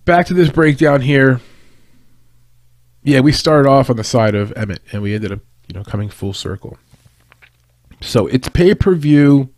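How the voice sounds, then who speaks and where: A man's voice: medium pitch, a little mellow, no echo, studio quality. A man giving a casual, rambling breakdown of an upcoming fight, with restarts and tangents as he talks it through. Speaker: fight analyst.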